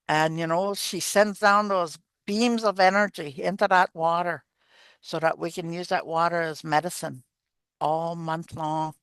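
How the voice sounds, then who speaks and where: An older woman, an elder, gently teaching and telling stories in an unhurried way, repeating her phrases. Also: on the low side, steady tone, clean tone, no echo. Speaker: elder and storyteller. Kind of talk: spoken teaching and storytelling.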